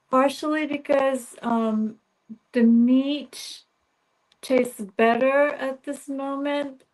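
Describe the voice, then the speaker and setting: A woman joins a casual livestream as a guest, speaking slowly and gently with frequent pauses. Her voice sits a little high, and she laughs easily between phrases. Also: low-quality recording.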